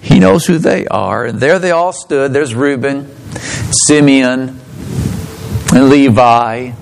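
A man preaching a sermon, reading scripture aloud and telling a story, with strong emphatic rises and low drops. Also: slow pace, vocal fry, slight background noise, poor audio. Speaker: pastor.

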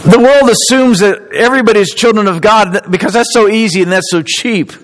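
A pastor's sermon in a church comes through poor audio with a little hiss or hum. Speaking a little fast in a voice slightly high for a man, he rises to emphatic peaks and falls back into quiet, softer reflection.

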